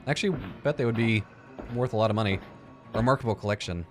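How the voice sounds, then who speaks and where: Low male let's player, casual and jokey, thinks aloud and curses freely, faint game music underneath. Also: fast. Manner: joking, swears, thinks aloud. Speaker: let's play gamer. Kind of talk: casual gameplay commentary.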